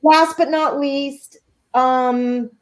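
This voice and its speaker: A woman's voice: sits high, steady tone, drawn-out words. A middle-aged woman, an author as interview guest, gushing and swearing casually as she chats.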